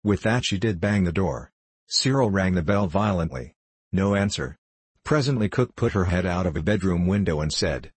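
A man narrating a children's storybook as an audiobook, in a steady reading manner. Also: deep voice, normal speed, slightly rough, dry recording.

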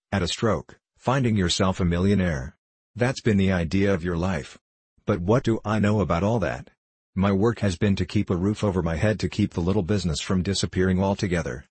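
A man's voice: deep voice, darkish tone, husky, no room sound. A man reading as a weary, practical middle-aged woman. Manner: tired and impatient.

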